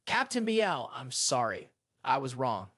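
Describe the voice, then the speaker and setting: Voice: medium pitch, very animated, a little slow, a bit bright, no echo, clean studio sound, voice pushed down. A narrator voicing a cheeky, scheming young male detective who talks in a teasing, wheedling way.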